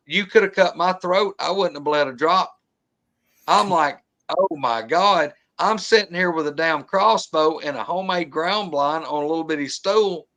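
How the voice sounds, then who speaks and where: A man, telling a long encounter story in casual talk, colloquial and animated, mimicking the sounds he heard. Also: fairly high pitch.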